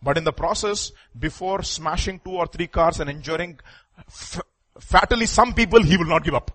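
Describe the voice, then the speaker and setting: A man preaching a sermon with passion. He swings from loud, urgent bursts down to hushed pleading. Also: a little high, moderate pace.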